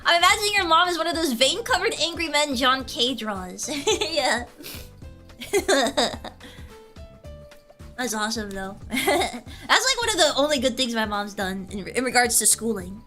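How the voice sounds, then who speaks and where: Young woman streamer, animated and giggly, swooping pitch. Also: measured pace, soft background music. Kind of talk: casual chat with chat.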